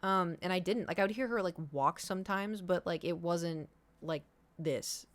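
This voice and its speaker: A young woman streamer chatting casually with her viewers. Her voice sits a little low for a woman. She rambles and circles back, with plenty of "like" and "you know". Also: moderate pace. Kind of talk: casual chat.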